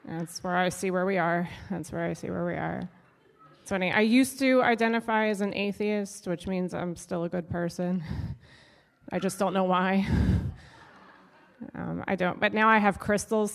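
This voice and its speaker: A woman's voice: on the low side, vocal fry, long reverb tail. A young adult woman doing a stand-up set on stage, wry and self-deprecating with punchy delivery. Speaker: stand-up comedian. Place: stage of a live show.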